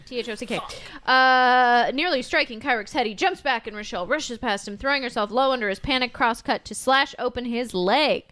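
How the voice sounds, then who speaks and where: A woman's voice: on the high side, normal speed, hardly any pauses, pushed and bright, clear, resonant tone. A woman reading a gamebook aloud to friends, breaking off for joking asides. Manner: joking asides between narration. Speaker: reader and game narrator.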